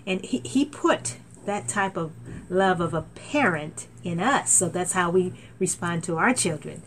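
A middle-aged woman preaching a sermon as a minister, talking loosely with fillers and restarts and rising to excited exclaims. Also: on the low side, a little hiss or hum. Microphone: laptop.

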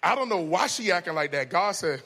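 A man preaching a humorous, storytelling sermon. He is folksy and conversational, laughs often, and swings from shouts to hushed asides. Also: high voice, animated, a little fast, creaky, noisy background.

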